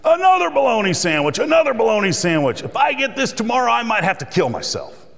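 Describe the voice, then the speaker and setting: A fed-up construction worker yells his complaint in a high, strained voice, as a speaker acts him out. The pitch jumps around wildly. A long hall echo trails every shout. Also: big pitch swings, fast talker, exaggerated voice. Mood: exasperated. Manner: exasperated shouting. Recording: reverberant hall.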